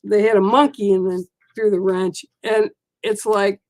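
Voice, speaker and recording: A woman giving a live oracle card reading, talking in a gentle, reassuring and rambling way. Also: medium pitch, flat delivery, unhurried, no room sound. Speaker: spiritual card reader.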